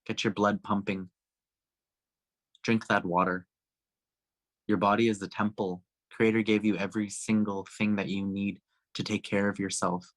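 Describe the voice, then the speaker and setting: A man speaking earnestly at a town hall, telling a personal story with frequent restarts and fillers. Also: lowish voice. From Canada.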